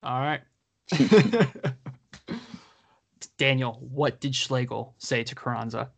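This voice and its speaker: A man's voice: medium pitch, takes it slowly, creaky, no echo. A man co-hosting a casual podcast chat, reading out listener questions and laughing often. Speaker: podcast co-host.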